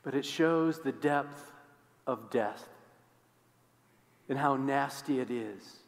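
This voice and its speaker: A male pastor preaching a sermon in a church, swinging between loud emphasis and hushed, quiet lines. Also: mid-range voice, slow pace, vocal fry, long reverb tail. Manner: expressive, swings from loud to hushed, acts out quoted voices. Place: church sanctuary.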